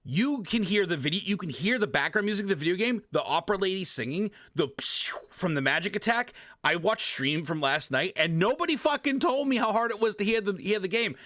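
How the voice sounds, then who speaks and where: He talks fairly quickly in a high-sitting voice, captured in a dry, clean studio recording. A streamer at his home gaming setup, he gives a casual tutorial past his desk microphone, swearing, repeating himself and adding animated sound effects with emphasis.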